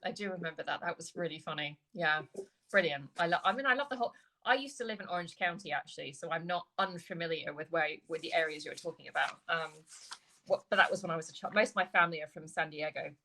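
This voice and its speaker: Bright-voiced English woman host. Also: on the low side, slight background noise, low-quality recording. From England, with childhood years in California. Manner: chatty and upbeat, quick to agree. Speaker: host interviewing an author. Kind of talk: casual video-call chat.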